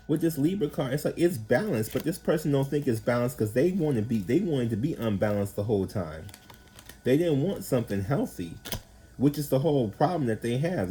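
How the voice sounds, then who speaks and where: A man's voice: mid-range voice, a little hiss or hum, low-quality recording. A man giving a casual tarot reading, rambling and slangy with plenty of profanity, often acting out the people he describes. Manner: animated, acts out quoted people. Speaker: tarot reader.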